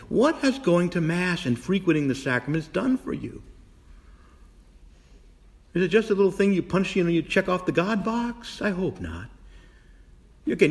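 Animated middle-aged priest preaching. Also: male voice, sits high. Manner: animated preaching, repeats phrases for emphasis. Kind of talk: sermon.

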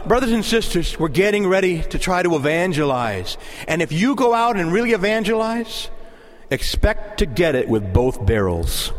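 A man preaching a sermon, animated and pleading as he moves between teaching and prayer. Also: high-pitched, moderate pace. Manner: lively, rising to impassioned pleading in prayer. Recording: long hall reverb.

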